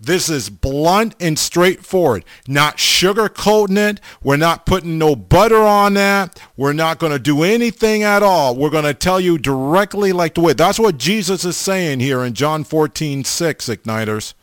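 A man's voice: on the high side, animated, normal speed, few pauses, a bit bright, no room sound, studio quality. A man preaching a sermon, blunt and emphatic, stammering over restarts and repeating himself for stress.

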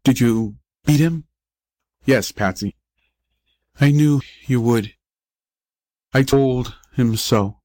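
A man reading the part of a frail, dying young boy who speaks in soft, halting whispers. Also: mid-range voice, no echo, close to an everyday voice. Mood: weak, tender. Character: dying young boy, weak, brave, faintly cocky.

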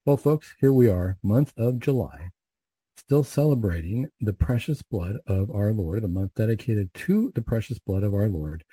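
A man reciting Catholic prayers and then giving a measured, conversational reflection with occasional fillers. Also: on the low side, dark tone, slightly rough, dry recording. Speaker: Catholic prayer leader and speaker.

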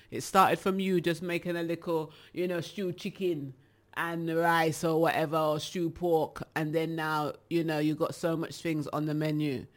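A woman with a British accent, chatting casually to her viewers as a rambling, animated storyteller. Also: on the low side. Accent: British English. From England. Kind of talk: casual chat.

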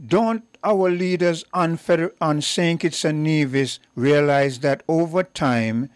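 A man hosting a call-in radio talk show, speaking deliberately and stressing key words. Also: sits high, no room sound, studio quality.

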